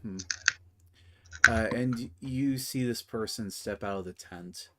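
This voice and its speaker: Running a tabletop game, a male game master narrates casually, swearing and using lots of fillers. His voice is lowish and his pace measured, with heavy background noise behind him.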